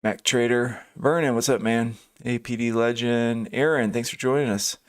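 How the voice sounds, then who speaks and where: A man with a clean, medium-pitched voice keeps a steady tone and a normal speed while hosting a live day trading stream. Thinking aloud over charts, he hesitates, uses many fillers, restarts and corrects himself, and greets viewers in chat by name during casual market talk.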